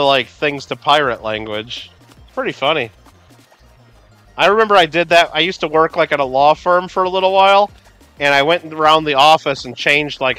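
A man with a bright, forceful, fairly high voice hosts a casual gameplay livestream. He rambles chattily and answers viewers in chat by name.

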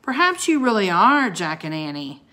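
Lady reading aloud as a big gruff one-eyed wizard guy, booms slow and loud, sneery, storybook voice. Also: very animated. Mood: solemn. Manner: booming, slow and scornful.

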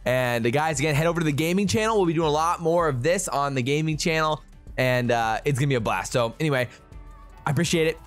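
A young man giving excitable, trash-talking commentary over his own shooter gameplay as a gaming YouTuber, with game music and gunfire behind him. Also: fairly high pitch, quick pace.

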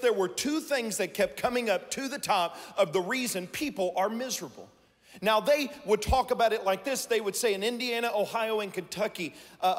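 A man preaching a sermon to a congregation, lively and shouting out his key points. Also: high voice. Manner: animated, shouting for emphasis, talks to the congregation. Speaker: pastor. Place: large church hall. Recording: live church sermon with long hall reverb.

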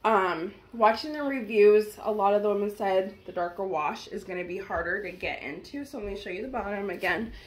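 A woman's voice: medium pitch, brisk, few pauses. Chatty young woman gushing over a haul. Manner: chatty, gushing, talks straight to viewers. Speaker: vlogger. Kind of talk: casual try-on haul chat.

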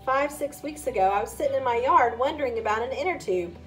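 A woman's voice: high-pitched, animated, quick pace, faint music behind. A woman voicing an earnest, wry young boy who asks plain questions.

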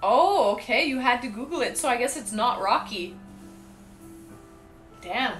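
A woman's voice: fairly high pitch, animated, measured pace, long pauses, fairly bright tone. Chatty woman streamer, faint music behind. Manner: chatty, talks straight to viewers. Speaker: live streamer. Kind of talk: casual livestream chat.

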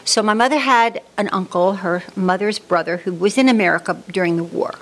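A woman's voice: mid-range voice, a little fast. A woman in her seventies, born in Germany and raised in New York, unhurriedly telling her life story as an interview guest. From born in Germany, raised in the Bronx, New York. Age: 70s.

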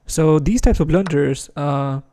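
A man from India speaks a little slowly in a warm voice on the high side, his Indian English accent mixed with American and British touches. He chats casually while streaming chess, reacting to his moves.

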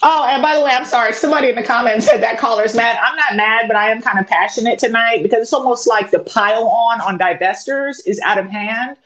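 A woman's voice: on the high side, quick pace, hardly any pauses. A woman lawyer co-hosting a livestream, talking in a heated, emphatic, profane way. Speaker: co-host and lawyer. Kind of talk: livestream commentary. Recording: dull lo-fi audio.

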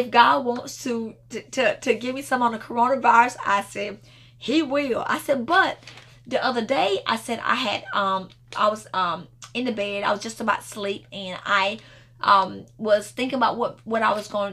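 A woman's voice: on the high side, creaky, pushed and bright. A woman minister speaking informally in a devotional prayer video, telling a rambling story with many restarts and bursts of laughter.

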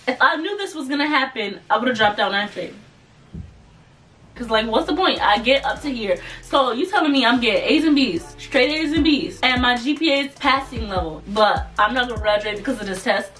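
A young adult woman telling a personal story in a casual, animated vlog, laughing often as she talks. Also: on the high side, normal speed, far from the mic. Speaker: vlogger. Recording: voice a bit off-mic, faint music behind.

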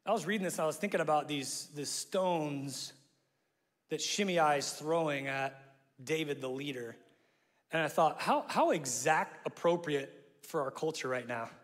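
With a slightly high voice at a normal pace, this male pastor from Omaha, Nebraska, gives a sermon full of animated storytelling. He bursts into shouted quotes and pokes fun at himself with laughing asides. It's captured in a church sanctuary with the long echo of a large hall.

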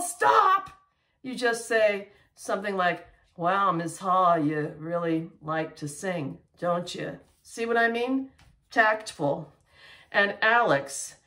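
A woman teacher giving an earnest, animated award speech, addressing her student directly. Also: mid-range voice.

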